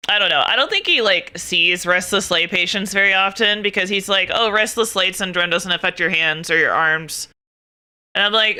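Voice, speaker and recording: Streaming herself, a young woman chats casually with viewers in an animated, exasperated rant laced with swearing. Her mid-range voice is very bright and crisp, smooth and clear.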